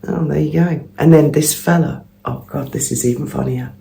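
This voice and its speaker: A woman's voice: deep voice, normal speed, vocal fry, warm tone. A woman vlogger telling a gossipy story in a chatty monologue at home, laughing often. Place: at home early in the morning.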